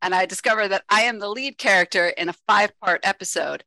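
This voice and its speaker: A woman's voice: mid-range voice, fast, pushed and bright, no room sound. A woman, a lead cast member, telling a story casually with wry amusement.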